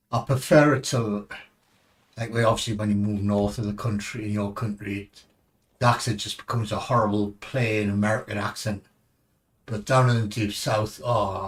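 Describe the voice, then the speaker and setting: A man's voice: lowish voice, recorded from a distance. An English man streaming a game, chatting in a rambling way and swearing casually as he plays. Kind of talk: casual gaming commentary.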